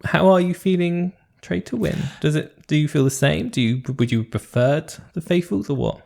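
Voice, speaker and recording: A man's voice: on the high side, normal speed, vocal fry, mellow. A man co-hosting a podcast in casual chat, with a teasing, wry manner. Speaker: podcast co-host.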